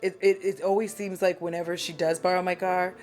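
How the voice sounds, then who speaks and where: A woman's voice: fairly low pitch, flat delivery, fairly quick, a little mellow, faint music behind. A woman doing a casual get-ready-with-me vlog, talking in a chatty, rambling, candid, self-deprecating way while she does her makeup at home. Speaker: beauty vlogger.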